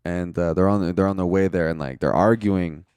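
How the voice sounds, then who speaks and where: A young man with a deep, low voice rambles through a movie plot in a loose, profane way, leaning on "like" and chuckling at his own jokes. It sounds close and dry, with no room around him. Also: a little fast, darkish tone, smooth, dry recording. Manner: loose and profane, heavy use of "like". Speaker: movie reviewer. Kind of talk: casual movie recap.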